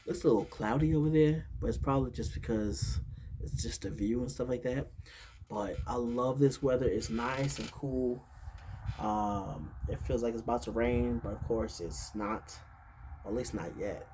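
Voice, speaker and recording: A man's voice: mid-range voice, dark tone. Chatty New York man, talking outdoors. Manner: rambling and chatty, with many fillers and laughs. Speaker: vlog host. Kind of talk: casual chat. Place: outdoors near a highway. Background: passing traffic.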